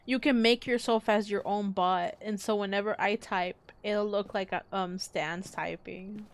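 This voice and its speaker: A woman's voice: mid-range voice, steady tone, a little slow, a little hiss or hum. A woman hosting a gaming stream in casual chat, giggly and rambling, saying she is losing her voice. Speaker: streamer host.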